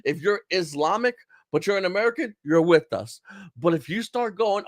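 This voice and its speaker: A man's voice: high voice, expressive, normal speed, dry recording. A man from Brooklyn, a podcast guest in a casual chat who talks bluntly and profanely and laughs between his points. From Brooklyn, New York.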